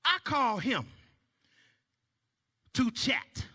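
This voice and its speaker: A man performing a stand-up comedy set, shouting his punchlines and dropping to low mumbled asides. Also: very animated, unhurried. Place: church stage before a live audience. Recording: long hall reverb.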